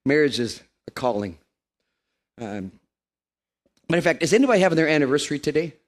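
A man in his fifties preaching a lively, joking sermon to a congregation in a church. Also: on the high side, quick pace. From Canada. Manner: animated, joking, playful put-on voices.

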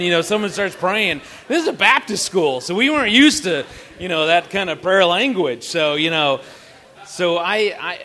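A man's voice: high-pitched, bright, forceful tone, slight background noise. A man telling a funny story to an audience at a family camp, playful and teasing. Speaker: married couple's co-speaker at a family camp.

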